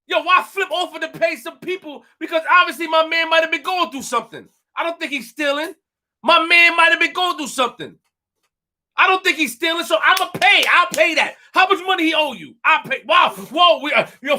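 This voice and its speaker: Guy ranting on his live stream, super high voice, keeps repeating himself and talking to chat. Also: sharp tone. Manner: emphatic, repeats phrases, talks to chat. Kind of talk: animated live stream commentary.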